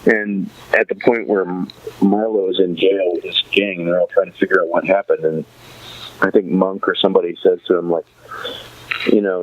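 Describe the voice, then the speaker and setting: A man's voice: low voice, steady tone, normal speed, narrow, tinny audio. A man hosting a podcast, chatting casually about a TV series and rambling through restarts and fillers. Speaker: podcast host.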